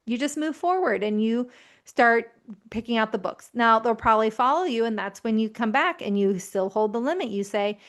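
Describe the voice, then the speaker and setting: A woman in her thirties giving calm, reassuring parenting advice in a gently explanatory way. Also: fairly high pitch, brisk. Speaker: parenting educator.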